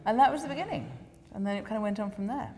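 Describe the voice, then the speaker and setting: An English woman, a documentary filmmaker, telling an animated anecdote in a casual interview and acting out quoted voices. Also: medium pitch, very fast, big-room sound, slight background noise. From England. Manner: animated storyteller, acts out quoted voices, laughs often.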